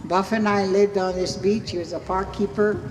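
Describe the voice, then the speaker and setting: A woman telling lively stories and a joke to a memorial crowd, acting out the voices of the people in them. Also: mid-range voice, normal speed, background noise. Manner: animated storyteller, acts out voices. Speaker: guest speaker at a memorial. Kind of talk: storytelling a joke. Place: outdoor beach gathering on a sound system. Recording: echoey public address with long reverb.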